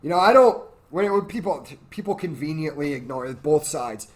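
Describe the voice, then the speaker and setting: Man, drunk, profane rant, rambling, slightly raised pitch. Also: lively intonation, normal speed. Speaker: podcast host.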